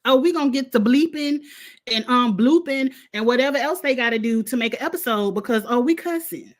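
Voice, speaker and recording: A woman, hosting a casual reaction vlog in a blunt, heated, profane and animated way. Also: sits high, fairly quick. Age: adult with a son in college. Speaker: vlog host reacting to a reality show.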